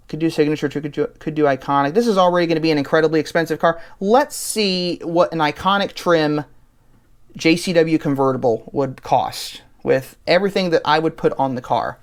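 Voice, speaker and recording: Guy with a smooth voice chatting easy while he clicks through options. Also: a little high, normal speed. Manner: relaxed, thinking aloud, easygoing. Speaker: channel host. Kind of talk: casual voice-over walking through an online car configurator.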